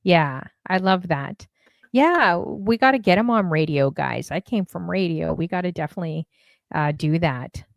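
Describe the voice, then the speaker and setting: A woman's voice: on the low side, expressive, normal speed, creaky, dry recording, dull audio. Chatty woman host. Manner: chatty, scattered, giggly. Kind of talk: casual live-stream interview.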